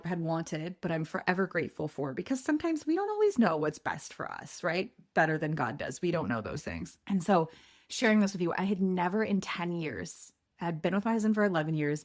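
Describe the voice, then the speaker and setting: Candid woman sharing a personal story. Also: on the low side. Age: 30s. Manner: candid, animated, quotes people in lively voices. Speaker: podcast host.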